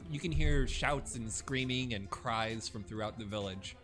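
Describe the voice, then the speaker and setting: A young man narrating a tabletop game as game master, halting with many fillers. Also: mid-range voice, a bit bright, faint music behind.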